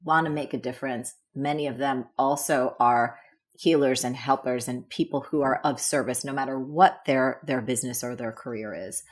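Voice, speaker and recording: A woman's voice: extremely low pitch, steady tone, moderate pace. A woman hosting an interview who laughs often and encourages her guest. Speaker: host. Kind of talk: interview conversation.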